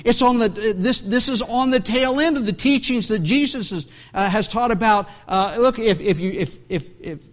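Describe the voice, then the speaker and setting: A man's voice: high voice, normal speed, hardly any pauses. A man preaching a sermon as pastor, reading scripture aloud and breaking into conversational asides, with many restarts.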